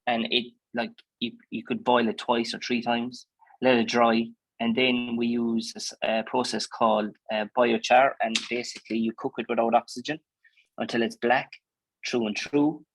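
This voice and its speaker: Here the same Irish farmer speaks in a mid-range voice at normal speed, with little movement in pitch. He's a dairy farmer from Ireland giving casual, plain answers to interview questions, full of fillers and false starts. There's no room sound, though the audio quality is poor.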